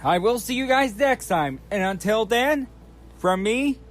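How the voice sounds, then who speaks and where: A man's voice: high voice, lively intonation, a little slow. A man hosting his channel, recapping in a casual, rambling way, often restarting and repeating himself. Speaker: channel host recapping a trailer.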